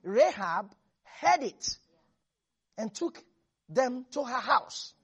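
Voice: medium pitch, very animated, slow, fairly bright tone, breathy edge, lo-fi sound. A preacher delivering a sermon in an emphatic style, repeating phrases and chuckling between points.

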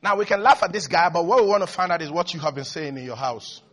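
A male pastor delivering an energetic televised sermon, swinging from hushed to shouting. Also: fairly high pitch, quick pace.

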